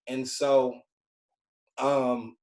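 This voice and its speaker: A man's voice: medium pitch, flat delivery, drawn-out words, darkish tone, reverberant, low-quality recording. A man in his forties with a Southern US accent, a TV writer casually telling a group about his career in a laid-back, rambling way, with lots of "like". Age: 40s. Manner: chatty, laid-back storytelling full of "like" fillers. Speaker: TV writer sharing career advice.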